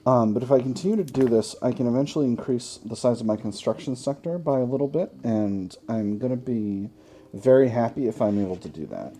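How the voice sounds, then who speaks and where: A man's voice: mid-range voice, expressive, fairly quick, dark tone, a little hiss or hum. A man hosting a gaming channel, chatting through a strategy game, thinking aloud with wry self-mocking asides.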